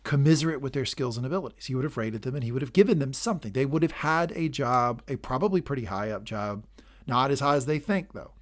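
Man, podcast co-host, casual recap chat, emphatic, profane, lively pitch. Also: quick pace.

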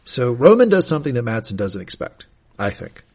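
Podcast co-host, male, husky voice, chatty recap that slips into quoted dialogue. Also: medium pitch, fairly quick. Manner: animated, reenacts quotes. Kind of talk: casual recap chat.

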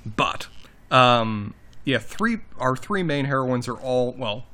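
A man co-hosting a book podcast, recapping the plot in a casual, animated way, often correcting himself. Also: medium pitch, slow. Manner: animated, self-correcting, summarizes plot at length. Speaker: podcast co-host.

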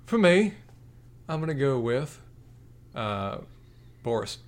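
A man co-hosting a casual podcast, relaxed and encouraging. He talks through his picks in an unhurried way and reads quoted lines straight, with no big performance. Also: medium pitch. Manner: easygoing and appreciative, reads quotes aloud. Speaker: podcast co-host. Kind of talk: casual chat ranking favorite lines from a TV drama.

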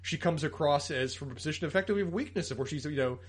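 Slightly high husky man critiquing. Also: rapid-fire. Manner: methodical, lists points, critical. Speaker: podcast co-host. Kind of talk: casual review chat, critique.

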